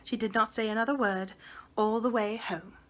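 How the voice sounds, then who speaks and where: A woman reading a children's book aloud in a measured, expressive storybook manner. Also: on the high side.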